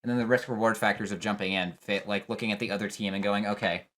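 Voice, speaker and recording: Thinking aloud over a game trailer with plenty of fillers and restarts, this young competitive player keeps his commentary casual. He speaks at a quick pace in a lowish, fairly bright voice with fairly even intonation.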